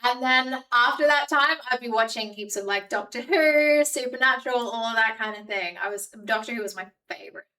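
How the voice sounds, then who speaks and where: Bright chatty woman, Aussie-Kiwi accent. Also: fairly high pitch, a little fast, few pauses, far from the mic, rough recording. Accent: Australian and New Zealand mix. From New Zealand. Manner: chatty, rambling, frequent fillers and laughs. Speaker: streamer. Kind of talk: casual live-stream chat with viewers.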